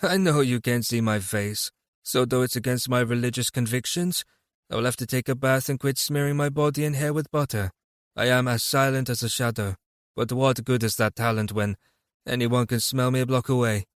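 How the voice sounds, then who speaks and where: A man reading an audiobook, voicing a fat foreign rogue who talks softly and wryly. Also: mid-range voice, moderate pace, dry recording, studio quality, close to an everyday voice. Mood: amused. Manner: soft, wry.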